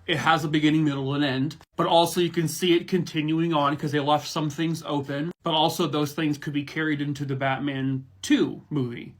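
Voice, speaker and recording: Excitable, foul-mouthed man reviewing shows. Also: fairly high pitch, brisk, few pauses. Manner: enthusiastic, profane and rambling. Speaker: online reviewer. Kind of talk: casual review chat.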